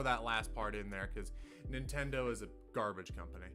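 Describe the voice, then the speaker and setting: A man's voice: fairly low pitch, brisk, bright, forceful tone. Profane, ranting young man streaming. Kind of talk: casual livestream chat. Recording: music playing behind.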